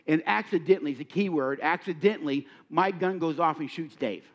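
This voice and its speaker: A man's voice: on the high side, brisk. A middle-aged man preaching a sermon, acting out little scenes and firing questions at his listeners. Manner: animated, acts out dialogue, asks the audience questions. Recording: dull lo-fi recording.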